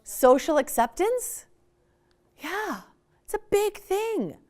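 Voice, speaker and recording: Animated woman leading a parenting workshop. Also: very high voice, slow. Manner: animated, conversational, acts out examples. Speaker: workshop speaker. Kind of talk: parenting workshop talk to an audience.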